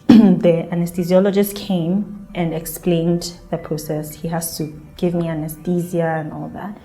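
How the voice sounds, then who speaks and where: A woman's voice: deep voice, warm tone. A young woman from Ghana telling her own birth story in an earnest, emotional way and acting out the people she quotes. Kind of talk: personal storytelling.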